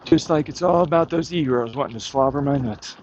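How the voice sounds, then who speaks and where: A man's voice: mid-range voice, brisk, a little mellow, highs cut off, slight background noise. A man vlogging outdoors on a hike, ranting in a sarcastic, profane, mocking way as if heckling an imagined crowd. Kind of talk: rambling outdoor vlog monologue.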